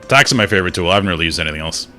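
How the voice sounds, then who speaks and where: A man's voice: low-pitched, animated, very fast, sharp tone, faint music behind. A man giving casual gameplay commentary as a streamer, thinking aloud and muttering to himself.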